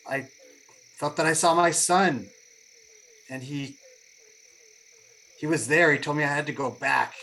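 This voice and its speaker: A man's voice: on the high side, a little slow, gravelly, long pauses, pushed and bright, rough recording. Earnest man speaking in character. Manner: earnest, heartfelt. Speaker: player. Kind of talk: in-character tabletop role-play.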